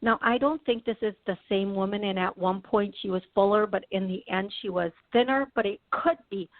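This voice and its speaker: A woman from the Midwest hosting a call-in radio show as a psychic medium, chatty and quick, with many restarts and laughs. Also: medium pitch, dry recording, narrow, tinny audio.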